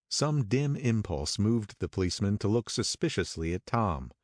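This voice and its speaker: A man narrating an audiobook in a measured, steady first-person reading. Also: lowish voice, dry recording, clean studio sound.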